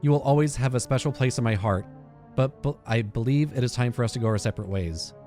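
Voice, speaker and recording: A man's voice: quick pace, mellow, faint music behind. A man hosting a game playthrough, reading in-game letters aloud with fillers and self-corrections. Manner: reads aloud with frequent fillers and restarts, drops into a low aside. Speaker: gaming channel host.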